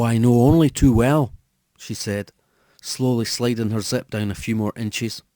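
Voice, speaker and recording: A man narrating a horror story audiobook in a measured storytelling manner. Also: mid-range voice, warm tone, dry recording. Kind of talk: scripted narration.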